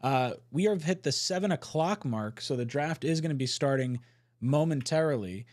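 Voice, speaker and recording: A man's voice: a little high, animated, moderate pace, a little mellow. A man hosting a casual live stream, chatting with co-hosts and reading viewer comments aloud. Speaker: podcast host.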